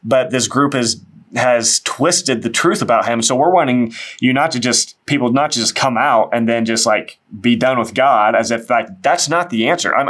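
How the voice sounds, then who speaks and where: A man with a mid-range, fairly bright voice hosts an interview, acting as interviewer in a casual conversation about faith. He speaks earnestly and encouragingly but restarts his sentences many times.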